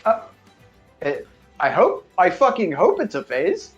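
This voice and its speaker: A man's voice: sits high, huge pitch swings, unhurried, lo-fi sound, faint music behind. A man narrating as dungeon master in a casual, profane way with frequent restarts. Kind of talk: narrating a tabletop game.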